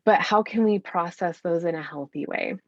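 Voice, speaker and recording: A woman in her thirties speaks as a podcast guest, earnest and encouraging, addressing listeners directly. Her voice sits a little low. The recording is dry and somewhat dull. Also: moderate pace, no room sound. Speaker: podcast guest, anger coach for mothers. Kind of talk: casual podcast interview.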